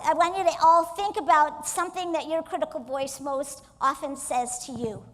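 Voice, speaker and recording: Woman motivational speaker, high voice, energetic keynote in a reverberant hall. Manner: energetic, coaxes the audience to join in. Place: stage in a large hall.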